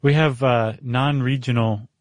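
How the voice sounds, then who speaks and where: A man's voice: medium pitch, fairly even intonation, unhurried, no echo. A middle-aged man with a General American accent, hosting a podcast in casual, teasing chat. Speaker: podcast host.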